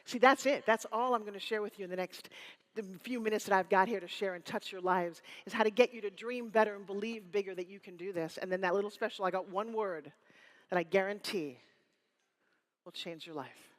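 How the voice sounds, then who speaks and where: A woman in her fifties giving a live motivational keynote on stage, energetic and teasing, rallying the crowd with call-and-response. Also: medium pitch, fairly quick. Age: 50s. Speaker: motivational speaker. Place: stage before a live audience in a hall. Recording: room reverb.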